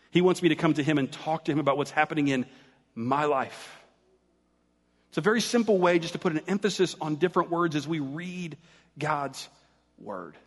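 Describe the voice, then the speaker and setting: Conversational pastor in a reverberant hall. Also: male voice, a little high. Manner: conversational, joking with the congregation. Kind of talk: sermon.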